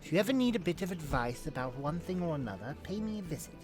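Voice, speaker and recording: Man doing a brisk, bossy guild receptionist lady. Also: on the high side, lively intonation, over music, voice pushed up, close to an everyday voice. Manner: brisk and teasing.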